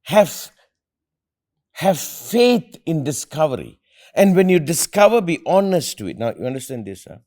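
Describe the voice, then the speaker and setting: Man, middle-aged, motivational host, earnest, emphatic, very lively pitch. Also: moderate pace. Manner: emphatic, earnest, repeats phrases for stress. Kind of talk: motivational talk with family.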